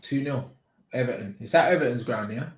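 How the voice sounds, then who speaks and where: A man with a London accent co-hosts a live football chat, blunt and slangy, quick to back up his partner's points. He talks at a middle pitch. His voice carries in an echoey room. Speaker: co-host.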